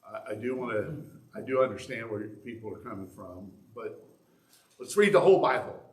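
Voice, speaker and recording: A man's voice: lowish voice, lively intonation, moderate pace, a little mellow. A middle-aged male pastor giving a conversational sermon with asides and restarts in a church sanctuary. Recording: echoey church room.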